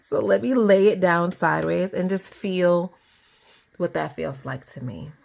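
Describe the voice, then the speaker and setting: A young adult woman giving a casual tarot reading to camera at her table, chatty and easily excited, laughing often. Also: fairly low pitch, slow pace, creaky. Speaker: tarot reader.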